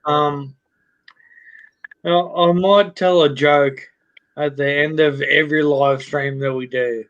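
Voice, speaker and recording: A man's voice: on the high side, fairly even intonation, takes it slowly, fairly bright tone, muffled recording. A man hosting a live stream, telling a crude joke in a rambling way, with a lot of swearing and restarts. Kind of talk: casual chat, telling a joke.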